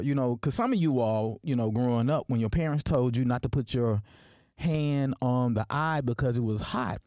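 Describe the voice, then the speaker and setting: A man from Memphis with a Deep South accent, hosting a personal podcast and telling stories with many fillers and restarts. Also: a little mellow, no room sound, studio quality. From Memphis, Tennessee. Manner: storytelling, many fillers and restarts, asks "right?". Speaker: podcast host.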